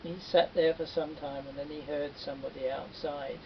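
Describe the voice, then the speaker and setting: A man telling a folktale with lively, animated narration. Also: moderate pace. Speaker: storyteller. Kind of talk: folktale storytelling. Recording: dull distant recording with faint rumble.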